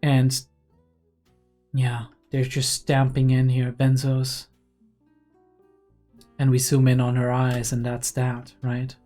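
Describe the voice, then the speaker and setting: A man's voice: mid-range voice, completely flat delivery, slow, pauses often, warm tone, faint music behind. A young man hosting a reaction video, talking casually and rambling with lots of fillers and chuckles. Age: young adult.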